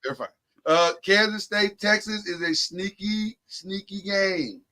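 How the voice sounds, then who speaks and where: A man's voice: high-pitched, unhurried, sharp tone. A man hosting a casual sports podcast, talking emphatically and laughing often. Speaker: podcast host.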